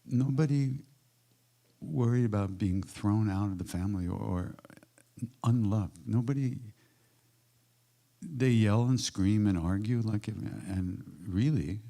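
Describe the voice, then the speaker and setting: An older man from the United States answering audience questions, telling reflective stories in an unhurried way with emphatic bursts. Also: fairly low pitch, vocal fry. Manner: unhurried, warm-hearted anecdotes with emphatic bursts. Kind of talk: reflective storytelling.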